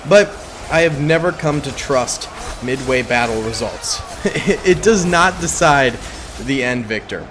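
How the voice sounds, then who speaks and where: A man giving casual, upbeat gameplay commentary on a battle simulation, chatty and excitable, with playful slang. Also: medium pitch, a little slow, noisy background.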